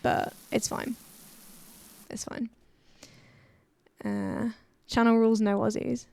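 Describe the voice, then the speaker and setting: A woman's voice: a little high, flat delivery, slow pace, gravelly, darkish tone. A woman streaming a game, chatting casually, giggling and reading chat aloud, her voice a little worn. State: voice a bit worn.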